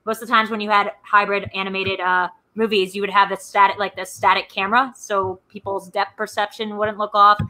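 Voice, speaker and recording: A woman's voice: mid-range voice, flat delivery, brisk, few pauses, pushed and bright, low-quality recording. A woman co-hosting a casual movie podcast, rambling through film trivia with many fillers and restarts. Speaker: podcast co-host.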